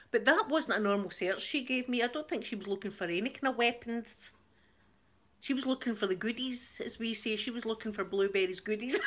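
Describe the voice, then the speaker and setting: Her voice is a little high and fairly bright. As host of her own channel, this Scottish woman spins a rambling tale in relaxed conversation, often breaking into laughter and echoing her own words.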